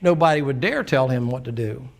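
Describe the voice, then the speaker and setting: A man's voice: mid-range voice, a little fast, vocal fry. A man preaching a sermon in a church, folksy and plainspoken, acting out the dialogue of the people in his story. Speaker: pastor. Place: church sanctuary.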